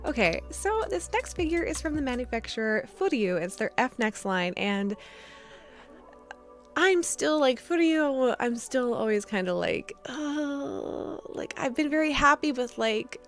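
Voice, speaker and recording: High-ish girly voice gushing n giggling, lots of likes, lofi music quiet underneath. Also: sing-song, a little slow. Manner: gushing, giggly, filler-heavy. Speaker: vlogger. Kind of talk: casual unboxing chat. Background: soft lo-fi music.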